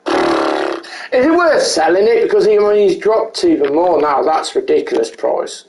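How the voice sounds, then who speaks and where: A man's voice: fairly high pitch, wildly swooping pitch, normal speed, gravelly, a little mellow, echoey room, low-quality recording. A man giving rambling, self-correcting live commentary while he plays a game, chatting with his viewers. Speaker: streamer.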